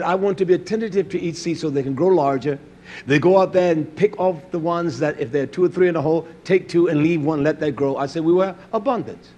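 An older man preaching a sermon in a fiery, scolding way, swinging from loud outbursts to low, quiet stretches. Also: a little hiss or hum.

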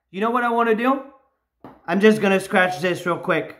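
A man filming himself scratching lottery tickets, bursting into loud repeated exclamations and catchphrases. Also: high voice, normal speed. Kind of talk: live reaction while scratching tickets. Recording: roomy echo.

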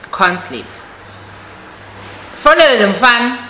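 A South African woman with a bright, forceful voice tells a storytime tale to her viewers. She switches back and forth between Xhosa and English in an animated way. The recording sounds echoey, as in a bare room with a faint hiss behind it. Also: on the high side, a little slow. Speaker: vlogger. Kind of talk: storytime vlog.

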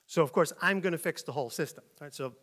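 A middle-aged man preaching a sermon, telling stories in an animated way and acting out other people's voices. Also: on the high side, quick pace. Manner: animated storytelling, acts out voices in shouts. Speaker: pastor.

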